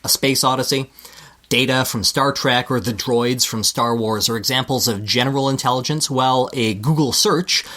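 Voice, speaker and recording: A man's voice: mid-range voice, moderate pace, sharp tone. A man with a Canadian accent, a podcast co-host reading a scripted segment with dry, self-deprecating asides.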